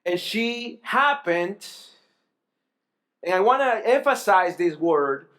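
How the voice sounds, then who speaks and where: A middle-aged man preaches a sermon in a fairly high voice. He speaks earnestly, circling back over his phrases and asking rhetorical questions as he goes. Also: fairly bright tone. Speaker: pastor.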